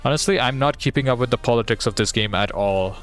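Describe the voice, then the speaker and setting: Over faint background music, a gaming streamer with a medium-pitched voice talks quickly about his game. He's casual and playful, thinking out loud and reading bits to himself.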